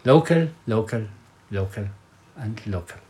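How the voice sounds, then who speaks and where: Lively, jokey podcast host, a man. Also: fairly low pitch, measured pace. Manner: jokey, playful. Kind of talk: casual banter.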